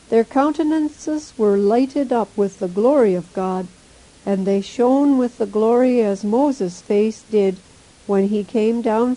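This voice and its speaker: Slow, mellow-voiced woman reading solemnly. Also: a little high, poor audio. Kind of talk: scripted reading of a religious vision account.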